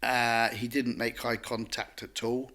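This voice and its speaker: Man, podcast guest, lively storyteller, rambling, lots of restarts. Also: mid-range voice, unhurried. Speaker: guest artist. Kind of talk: conversational storytelling.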